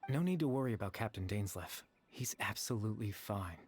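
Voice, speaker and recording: A man voicing a gentle young man who exists only in people's memories, explaining things in a calm, measured way in a game cutscene. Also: fairly low pitch, a little hiss or hum, close to an everyday voice. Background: faint game music.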